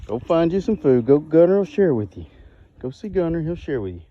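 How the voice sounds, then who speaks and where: A man's voice: fairly high pitch, very animated, brisk, muffled recording. A man narrating his farm chores casually outdoors, chatting to and calling his animals while filming on a phone in his hand. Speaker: farm vlogger. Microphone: phone held in one hand. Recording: outdoor phone audio with noise.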